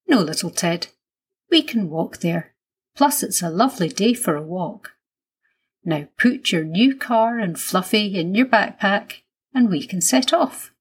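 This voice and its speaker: A woman voicing a gentle, reassuring mother in a children's storybook. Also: medium pitch, animated, unhurried, slightly rough. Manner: soothing, lightly teasing.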